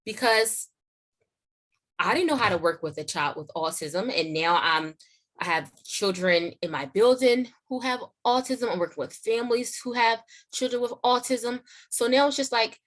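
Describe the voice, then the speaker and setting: A young woman hosting and telling a personal testimony in a casual, chatty way, full of "like" and "you know", acting out quoted lines in a high voice. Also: moderate pace. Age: young adult. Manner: acts out quotes in a high excited voice. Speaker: host sharing her testimony.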